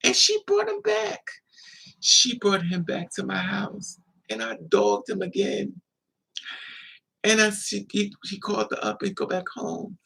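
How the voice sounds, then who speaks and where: A man's voice: high-pitched, big pitch swings, a little slow, gravelly, pushed and bright, breathy edge. A man casually telling a long personal story to the camera, chatty and digressive, with laughing asides. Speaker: vlogger. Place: indoors, at home.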